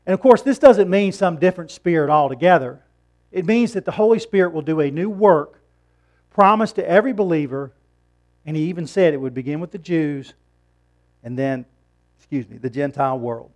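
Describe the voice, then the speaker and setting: A man's voice: on the high side, lively intonation, fairly quick, darkish tone. A middle-aged man preaching a sermon in a conversational way, rising to emphatic points and asking the congregation questions. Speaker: pastor.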